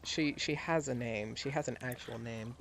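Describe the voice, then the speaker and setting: A man running a tabletop game as game master, talking casually and pausing to recall details. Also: medium pitch, gravelly, a bit bright, a little hiss or hum.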